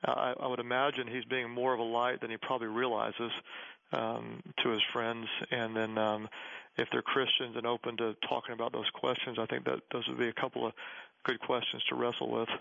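Earnest gravelly-voiced pastor on radio. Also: male voice, mid-range voice, flat delivery, brisk, pushed and bright, dry recording. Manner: earnest, reflective storytelling with many fillers. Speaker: pastor and author guest. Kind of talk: radio interview. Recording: muffled radio broadcast audio.

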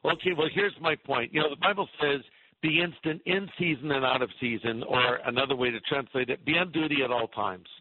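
A middle-aged male pastor telling a lively anecdote in a radio interview, acting out the voices in his story. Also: medium pitch, a little fast, slight background noise. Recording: tinny phone-line radio sound.

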